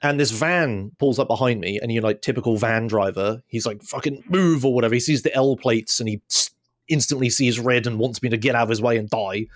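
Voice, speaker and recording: A man's voice: mid-range voice, fairly quick. A young man, casually telling a rambling story on a podcast and mimicking others. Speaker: podcast co-host.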